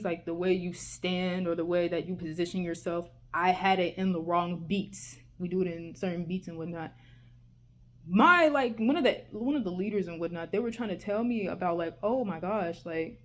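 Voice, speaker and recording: A young woman telling a school story in a casual vlog, animated and heated, with lots of fillers and swearing. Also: mid-range voice.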